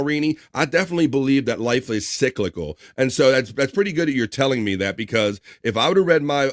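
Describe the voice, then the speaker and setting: Clean studio audio without echo carries this man's mid-range voice as he hosts a relaxed live stream. He reads viewer comments and chat names out loud, stays chatty, and jokes and laughs often.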